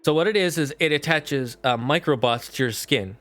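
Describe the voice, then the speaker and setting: A man's voice: fairly high pitch, normal speed, a bit bright, soft background music. A man streaming live, chatting casually and animatedly with his viewers and mods. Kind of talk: casual livestream chat.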